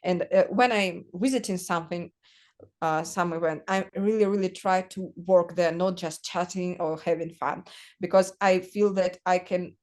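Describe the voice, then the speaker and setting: Woman telling stories haltingly. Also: lowish voice, steady tone, a little mellow. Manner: halting, searching for words, many fillers. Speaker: guest artist. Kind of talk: casual conversational storytelling.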